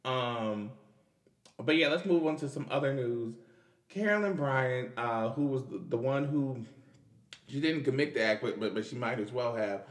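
A man's voice: mid-range voice, moderate pace. A young man, hosting a casual podcast and commenting on news in a loose, chatty way with restarts and laughs. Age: 20s. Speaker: podcast host.

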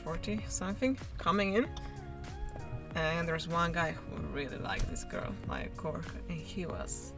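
A woman telling a story in a casual conversation, animated and indignant. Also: on the low side, normal speed, over music.

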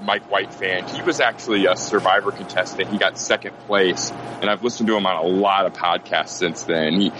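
A man's voice: low-pitched, steady tone, moderate pace, hardly any pauses, background noise. A man co-hosting a podcast, reacting and sharing opinions eagerly in casual chat. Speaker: podcast co-host.

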